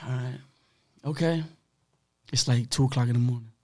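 A young man in his twenties, a podcast guest, telling his story animatedly with a slightly rough voice and acting out the dialogue. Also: medium pitch, normal speed. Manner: animated, acts out dialogue, frequent swearing. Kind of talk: casual storytelling.

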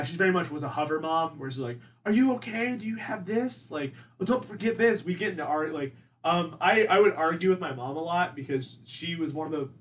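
Young man, podcast guest, rambling casual storyteller, slightly high voice, distant mic, faint room noise. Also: fairly bright tone. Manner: rambling, heavy use of "like", mimics his mom in a higher voice.

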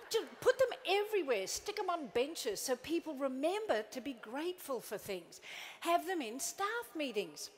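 A middle-aged woman leads a motivational talk for an audience seated at tables. Her voice sits high and swoops wildly up and down as she teases, acts out little scenes and coaxes everyone to join in. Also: a little hiss or hum. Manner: playful, animated, acts out little quoted scenes; coaxing the crowd into joining in. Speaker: motivational speaker. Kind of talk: live keynote talk to an audience.

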